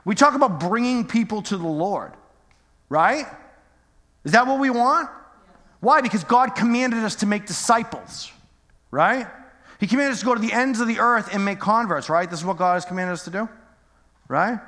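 High, bright, and forceful, the middle-aged pastor's expressive voice moves at a moderate pace broken by long pauses. In an echoey church hall, he preaches in a casual, joking style, with plenty of rhetorical questions for the congregation.

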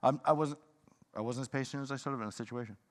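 A man preaching a sermon in a fired-up, rambling way, swinging from loud bursts to hushed talk. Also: medium pitch, racing. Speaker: pastor. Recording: long hall reverb.

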